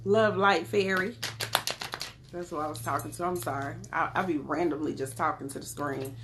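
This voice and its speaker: A woman's voice: sits low, steady tone, normal speed, background noise. A woman with a Southern US accent, chatting casually with viewers on a live stream while reading tarot cards, calling them y'all and beloved. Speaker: tarot card reader.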